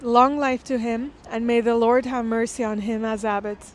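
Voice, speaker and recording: A woman reading a classic text aloud and pausing to explain it. She speaks in an earnest, thoughtful way. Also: fairly high pitch, fairly even intonation, slight background noise. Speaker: literature lecturer. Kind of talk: reading aloud with close-reading commentary.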